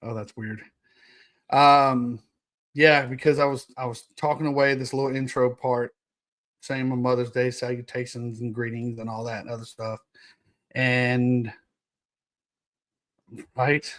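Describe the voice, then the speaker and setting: A man's voice: mid-range voice, flat delivery, unhurried, pauses often, a bit bright. A young man hosting a casual solo podcast, reading notes aloud and joking with his live chat, laughing often. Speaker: podcast host.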